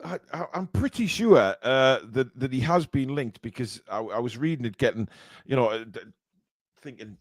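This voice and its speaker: A man hosting a casual football chat show, talking haltingly with lots of fillers and restarts. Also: medium pitch, dry recording. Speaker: podcast host.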